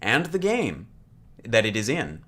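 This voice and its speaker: A man co-hosting a casual game livestream, excitable and playful as he reads out trivia questions. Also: mid-range voice, a little slow. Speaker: livestream co-host.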